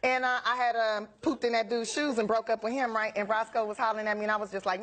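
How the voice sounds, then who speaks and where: A woman telling a comic story in casual chat, animated and laughing, acting out the people in it. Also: fast, few pauses. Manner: animated, laughing, high-energy, acts out voices. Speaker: storyteller guest.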